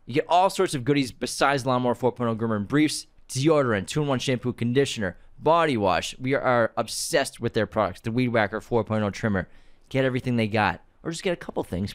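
A man co-hosting a movie podcast, chatting casually and teasing his co-host, with quick bursts of laughter. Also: medium pitch. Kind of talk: casual chat and ad reads.

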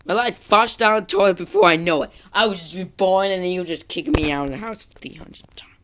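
A woman's voice: fairly low pitch, a bit bright, slight background noise. Exasperated woman ranting over gameplay. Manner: exasperated, repetitive taunting questions; rambling, halting restarts. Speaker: gaming channel host. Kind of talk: gameplay commentary rant.

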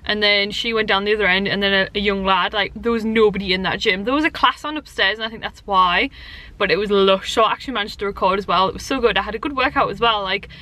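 Chatty woman vlogging, bright voice. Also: mid-range voice, fast. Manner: chatty, rambling, lively storytelling. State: tired and out of breath. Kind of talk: casual vlog chat to camera. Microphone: handheld camera.

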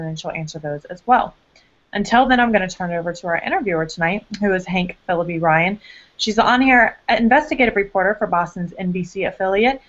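A woman hosting an online book event, giving brisk, informative announcements with a few fillers. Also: mid-range voice, highs cut off. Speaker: event host.

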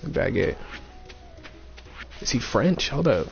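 A man's voice: medium pitch, very animated, takes it slowly, vocal fry. A man giving casual, playful let's-play commentary, thinking aloud and repeating himself, with a dull lo-fi mic and faint game music. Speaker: gaming streamer.

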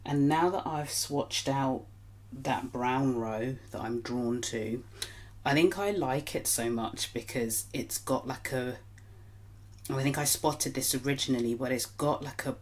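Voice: mid-range voice, unhurried. A makeup vlogger, talking in a rambling, apologetic way in a groggy early-morning voice. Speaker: beauty channel host. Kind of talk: casual makeup vlog chat.

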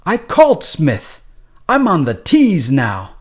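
A man's voice: a little high, big pitch swings, normal speed, darkish tone, pitched above the performer's own voice. A man voicing a tired, curt woman nurse who scolds in street slang. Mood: snapping. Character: weary tough-talking nurse, woman, curt.

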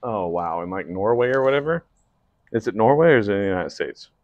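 A man's voice: fairly low pitch, expressive, fast, no echo, lo-fi sound. A middle-aged man co-hosting a homestead channel, chatting casually and laughing easily in an interview with his wife.

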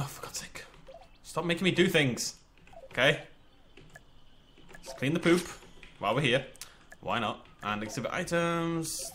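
A man's voice: mid-range voice, fairly bright tone, slight background noise. A man with a northwest English accent hosting a let's play, chatting and exclaiming to himself as he plays. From northwest England. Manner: chatty, exclaiming, talks to himself while playing. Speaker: gaming channel host.

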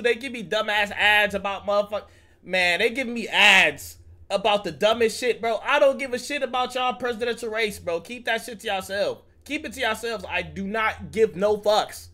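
A man's voice: sits high, moderate pace, sharp tone. A young man streaming, reacting to a video in slangy, profane casual talk. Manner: slangy and profane, says bro a lot.

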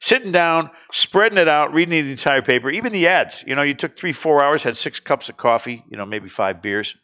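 Guy hosting, jokes around, laughs a lot, real lively. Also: a little high, a little fast. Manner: jokey, animated, laughs often. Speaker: radio show host. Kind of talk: casual chat.

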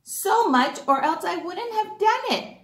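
A woman voicing a gentle, apologetic young male seahorse in a children's storybook, in an earnest tone. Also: extremely high pitch, lively intonation, unhurried, voice pushed up, full character voice. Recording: roomy echo.

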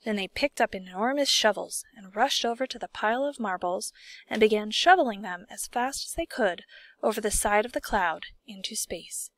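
A woman narrating a children's story aloud in a steady, expressive storytelling manner. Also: mid-range voice, normal speed, dry recording. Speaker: audiobook reader.

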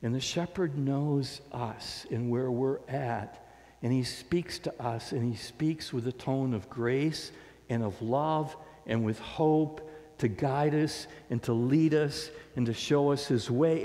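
A man's voice: mid-range voice, slow pace, warm tone, long reverb tail. A man preaching a sermon as pastor, in a conversational, storytelling way. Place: church sanctuary.

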